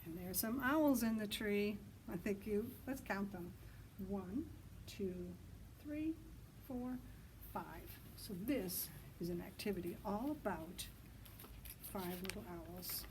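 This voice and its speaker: Librarian lady doing story time outside, slow singsongy voice, big loud owl hoots, mid pitch, a little outdoor hum behind. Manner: animated sing-song reading to kids, hooting loudly. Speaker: children's librarian.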